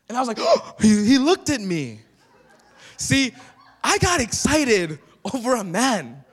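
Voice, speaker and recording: A man preaching a sermon in church with lively energy, often turning to the congregation with questions. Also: extremely high pitch. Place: church sanctuary. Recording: long reverb of a church hall.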